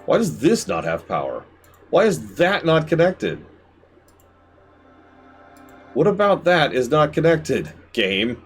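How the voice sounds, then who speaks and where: A man giving live gameplay commentary as a streamer, talking to the game and swinging between shouted outbursts and low mutters. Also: huge pitch swings, takes it slowly, pauses often, faint music behind.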